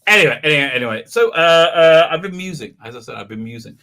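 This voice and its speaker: A man's voice: fairly high pitch, animated, fast talker, bright, forceful tone. A man hosting a livestream in casual chat, rambling and restarting often, with laughs breaking into his words. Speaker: livestream host.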